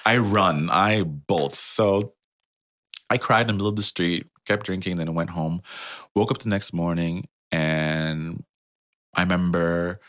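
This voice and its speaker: Male podcast guest, very low voice, animated storyteller who mimics the people in his story. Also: measured pace, dry recording. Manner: animated, acts out quoted voices. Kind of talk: casual storytelling. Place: Netherlands.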